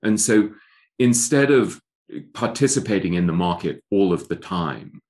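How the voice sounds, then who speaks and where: A man's voice: low-pitched, animated, measured pace, darkish tone. A middle-aged man speaking as an author in an interview, thoughtful and given to restarting his sentences. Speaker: author guest. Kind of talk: interview conversation.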